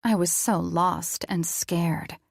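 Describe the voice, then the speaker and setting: Woman reading a first person audiobook, lowish voice, dry close sound. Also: fairly even intonation, takes it slowly, gravelly, dry recording. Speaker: audiobook narrator. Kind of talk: first-person scripted narration.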